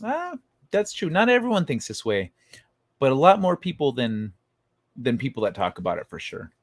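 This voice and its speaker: A man's voice: medium pitch, huge pitch swings, normal speed, no echo, clean studio sound. A man hosting a casual late-night livestream, rambling and swearing with many restarts as he chats with viewers. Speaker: livestream host reading chat.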